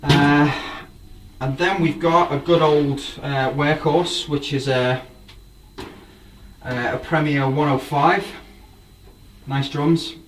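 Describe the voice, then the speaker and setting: This drum collector speaks slowly in a fairly high voice with fairly even intonation, casually showing off his gear with rambling enthusiasm. It's a laid-back show-and-tell, recorded from a distance with faint background noise.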